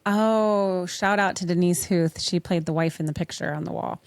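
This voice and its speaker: A woman hosts a podcast in a casual interview chat, swearing freely and laughing often. Her voice is fairly low and moves at normal speed, and the recording is dry.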